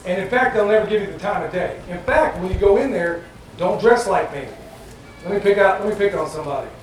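A man's voice: high-pitched, fast talker. A man giving a live talk to an audience, chatting plainly and joking as he goes. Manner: joking, conversational, plain-spoken. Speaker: festival presenter. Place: event venue with audience. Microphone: far from the mic. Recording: very echoey, distant, noisy live room.

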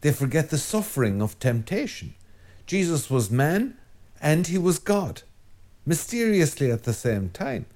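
An Irish priest giving a Sunday homily in a conversational, digressive way, repeating phrases for emphasis. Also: male voice, on the high side, very animated, measured pace, darkish tone.

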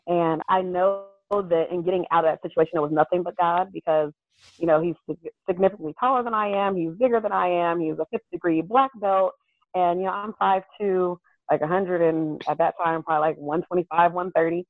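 A woman guest on a podcast, candidly telling a personal story in an earnest, animated way that often breaks into laughter. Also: on the low side, no room sound. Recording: thin phone-like call audio.

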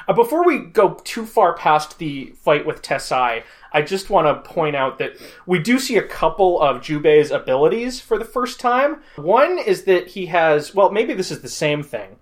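A man's voice: on the high side, sing-song, normal speed, few pauses. A man co-hosting a podcast, casually recapping a film and thinking aloud with lots of filler words. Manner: rambling, thinks aloud with many "like"s. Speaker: podcast co-host.

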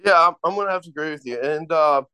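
A man co-hosting a casual sports betting podcast, halting and full of fillers. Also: a little high, pushed and bright, smooth, no echo. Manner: halting, many fillers and restarts.

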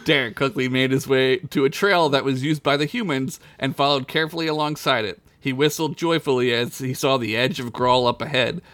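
A man's voice: mid-range voice, fairly even intonation, fairly quick, few pauses, fairly bright tone, dry recording. A man reading a comedic story aloud for a podcast, laughing at his own jokes.

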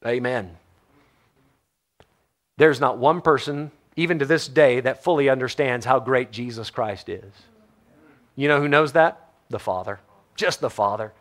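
A man preaching a sermon, shifting between emphatic stresses and hushed low phrases, reading scripture aloud. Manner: reads scripture in old-fashioned wording. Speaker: pastor.

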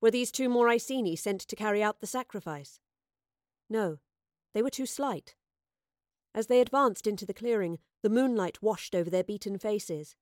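A woman narrates an adventure story at a measured pace, shaping each sentence with quiet expression. Her voice sits in a middle register, and the recording is close and completely dry. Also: mid-range voice, dry recording. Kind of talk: audiobook narration.

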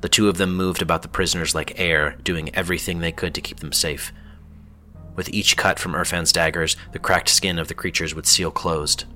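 Deep-voiced male fantasy narrator. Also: fairly even intonation, moderate pace, bright, forceful tone, soft background music.

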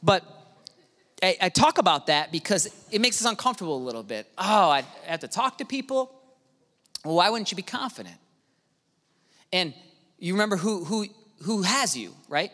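A man preaching a sermon as pastor, animated, swinging from hushed to shouting. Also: high-pitched, moderate pace, long pauses. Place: church auditorium. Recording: reverberant hall with music behind.

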